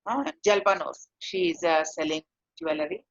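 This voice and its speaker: Female English teacher, patient classroom explainer, demonstrates lines with big pitch jumps, dull lo-fi recording. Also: lively intonation, no echo. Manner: explains slowly, acts out short example lines with marked pitch swings. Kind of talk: classroom lesson on intonation.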